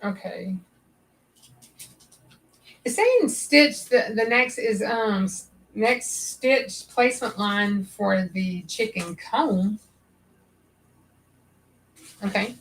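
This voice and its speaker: A woman's voice: mid-range voice, lively intonation, drawn-out words, long pauses, poor audio. A woman hosting a crafting livestream, chatting nervously and rambling as she thinks aloud. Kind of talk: casual livestream chat while sewing.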